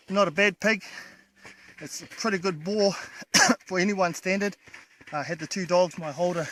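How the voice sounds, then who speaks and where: Excited high-voiced New hunter outdoors. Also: male voice. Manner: excited, calls out loudly to dogs and mates. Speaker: pig hunter. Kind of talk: casual outdoor chat on a hunt. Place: outdoors in bush on a hunt. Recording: noisy outdoor camera audio.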